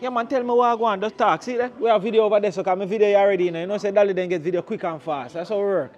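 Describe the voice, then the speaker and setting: A man with a Jamaican accent, narrating a walking tour outdoors on a town street, chatty and full of patois shout-outs. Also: high-pitched, racing, muffled recording.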